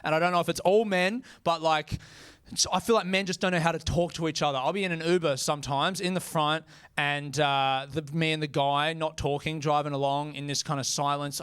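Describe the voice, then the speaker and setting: A man's voice: fairly high pitch, a bit bright, clear, resonant tone, no room sound, clean studio sound. A young Australian man doing a stand-up comedy set on a club stage, crude and self-mocking, often breaking off to laugh at himself. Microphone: handheld stage mic.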